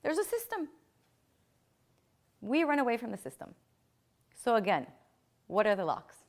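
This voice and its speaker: A teacher lectures a live class in a fairly high voice with huge pitch swings at a moderate pace. She is emphatic, drives her points home by repeating key phrases, and asks rhetorical questions.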